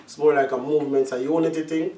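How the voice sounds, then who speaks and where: A man's voice: on the high side, steady tone, fast, mellow, echoey room, distant mic. A man who works as a sound system selector, telling stories in a casual interview chat, patois-tinged and laughing often.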